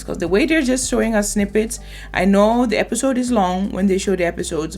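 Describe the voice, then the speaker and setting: A woman hosting a reaction video, commenting in an emphatic, opinionated way. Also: fairly low pitch. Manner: emphatic, opinionated, lively asides.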